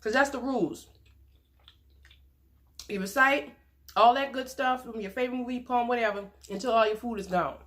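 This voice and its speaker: A woman hosts an eating vlog, chatty and playful. Her voice sits a little high, and she laughs easily between bites. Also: normal speed, pauses often, fairly bright tone. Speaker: mukbang vlogger. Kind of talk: casual chat while eating.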